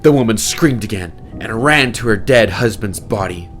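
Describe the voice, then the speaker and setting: A man narrates his own novel in a low voice, leaning hard into the action. The delivery is vivid and emphatic, with faint music playing softly underneath. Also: animated, normal speed. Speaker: author reading his novel. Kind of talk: dramatic storybook narration.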